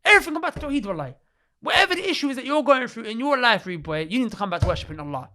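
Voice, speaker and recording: A man talking with emotion in a religious podcast discussion, repeating himself for emphasis, restarting his sentences and reciting Arabic verses in quick bursts. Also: very high-pitched, sing-song, pushed and bright. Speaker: podcast speaker.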